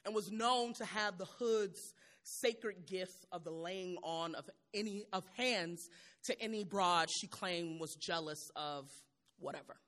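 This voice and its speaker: A woman's voice: on the low side, a little slow, a bit bright. A woman poet performing spoken word, rhythmic and bold, with repeated refrains and a raw, humorous edge.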